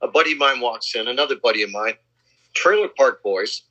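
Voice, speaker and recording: A man in casual chat, telling boastful anecdotes and acting out the quotes in a husky voice. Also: medium pitch, fairly quick, pushed and bright. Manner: boastful name-dropping anecdotes, acts out quotes. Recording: slightly dull lo-fi sound.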